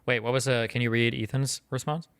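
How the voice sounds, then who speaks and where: A man's voice: medium pitch, fairly even intonation, a little fast, a bit bright, clean tone, dry recording. A man co-hosting a podcast, adding wry, dry remarks in casual chat. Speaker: podcast co-host.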